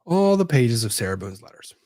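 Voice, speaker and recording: His voice is medium-pitched and a little mellow, with big pitch swings and a slightly fast pace, in a dry recording. He's a man giving casual legal commentary, rambling and talking to himself as he digs for documents, disorganized since moving.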